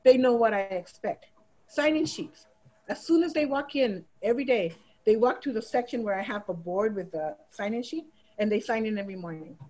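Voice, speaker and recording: A woman's voice: a little high, normal speed, rough recording. A middle-aged woman teacher giving a training talk, telling classroom stories and acting out her students' voices. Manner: animated, acts out students' voices in quotes. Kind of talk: storytelling presentation.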